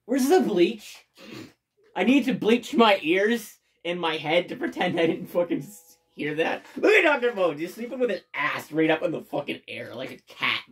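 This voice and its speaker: A let's play host giving excitable game commentary with loud bursts of cheering and frequent swearing. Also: mid-range voice, moderate pace. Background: faint game music.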